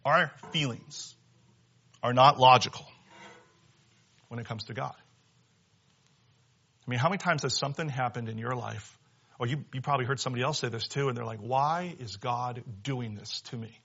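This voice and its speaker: Bright-voiced preaching man, lo-fi sound. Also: mid-range voice, a little fast, gravelly, long pauses, slightly rough. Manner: animated preaching, swinging from loud to hushed. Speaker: pastor. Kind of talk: sermon. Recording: dull lo-fi sound.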